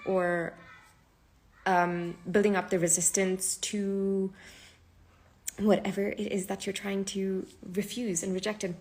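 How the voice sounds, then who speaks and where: Chatty woman hosting a live stream. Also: mid-range voice. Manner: chatty, lots of fillers and "like". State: sleep deprived. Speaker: podcast host. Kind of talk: casual live-stream talk.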